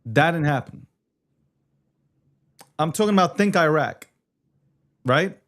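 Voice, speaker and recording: A man co-hosting a political talk show, animated, swearing and filling his talk with "you know" and "like". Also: on the high side, slow pace.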